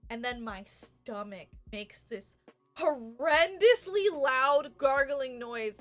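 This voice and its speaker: A young adult woman co-hosting a podcast, telling a story in casual chat with animated delivery and frequent laughter. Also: sits high, slow pace, faint music behind. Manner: animated, laughs often, acts out quotes loudly. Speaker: podcast co-host.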